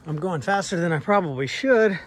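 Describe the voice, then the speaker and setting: A man's voice: high voice, expressive, a little fast, slight background noise. Breathless man vlogging on a hiking trail. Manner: chatty, talking to himself as he climbs. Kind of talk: casual hiking commentary. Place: outdoors on an overgrown hillside trail.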